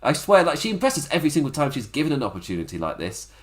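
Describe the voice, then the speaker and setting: A man's voice: fairly high pitch, wildly swooping pitch, racing. A man hosting a casual solo wrestling recap podcast, rambling, cutting himself off and laughing at his own asides. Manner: rambling, self-interrupting, laughs at own jokes.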